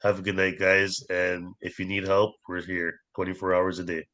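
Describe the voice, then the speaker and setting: A man hosting a podcast, wrapping up the show in a relaxed, unhurried way with frequent fillers. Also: low voice. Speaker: podcast host. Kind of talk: casual podcast sign-off.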